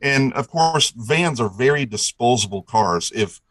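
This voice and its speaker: A man's voice: mid-range voice, animated, a little slow, a bit bright, no echo, rough recording. Dry-voiced rambling storyteller man. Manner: enthusiastic, rambling, with frequent restarts. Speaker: guest. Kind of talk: casual storytelling chat.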